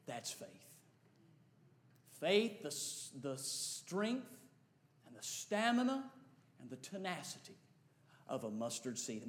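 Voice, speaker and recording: A man preaching a sermon as pastor, swinging from hushed, drawn-out lines to loud shouts. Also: fairly high pitch, big pitch swings. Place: church sanctuary. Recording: echoey church sanctuary.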